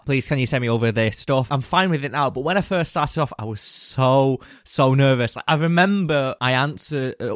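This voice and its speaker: A man's voice: mid-range voice, a bit bright, dry recording, clean studio sound. A young British man co-hosting a casual podcast chat, laid-back and chatty and often laughing. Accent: British English. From Britain.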